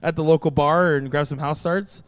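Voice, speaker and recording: A man's voice: a little high, fairly even intonation, moderate pace, smooth, no room sound. A man hosting a darts stream, upbeat and joking, talking loosely with frequent fillers. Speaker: stream host and commentator. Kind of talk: live sports commentary.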